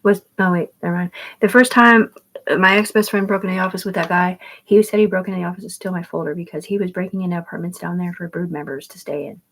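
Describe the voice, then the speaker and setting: A woman's voice: on the low side, fairly even intonation, very fast, hardly any pauses, poor audio. A middle-aged woman rambling through family photos in a profane, meandering monologue. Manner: rambling and profane, jumping between topics.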